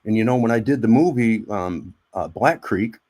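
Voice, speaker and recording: A man's voice: on the low side, normal speed, darkish tone, slightly rough. A man, an army veteran and actor, telling rambling stories as a guest in a casual interview. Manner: rambling, repeats words, acts out quoted voices.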